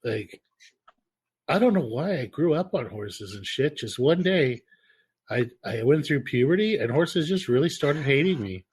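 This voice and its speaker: A man co-hosting a podcast, telling rambling stories in a casual, profane, animated way. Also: mid-range voice, measured pace, husky. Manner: animated, profane, laughing storyteller. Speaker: podcast co-host. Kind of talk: casual chat, storytelling.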